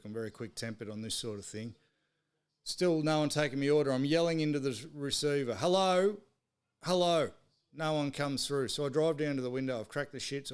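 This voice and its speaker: Smooth and medium-pitched, this Australian man hosts a live sports stream, cursing freely as he rants through exasperated stories in casual chat.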